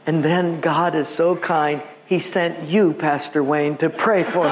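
A man's voice: on the high side, steady tone, measured pace, few pauses, very noisy. A male pastor preaching a sermon, telling stories with humor and acting out the people in them. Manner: storytelling with humor and acted quotes.

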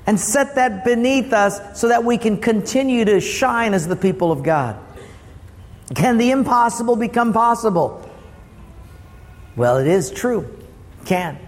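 A man preaching a sermon as pastor, lively and asking the congregation questions. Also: extremely high pitch, a little slow, pauses often, in a large hall.

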